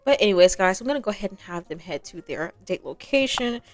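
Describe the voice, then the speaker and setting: A woman's voice: mid-range voice, lively intonation, fast talker, soft background music. A young woman giving chatty, slangy commentary on a life-sim game as a gaming creator. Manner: chatty, slangy, laughs at the drama. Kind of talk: casual gameplay commentary.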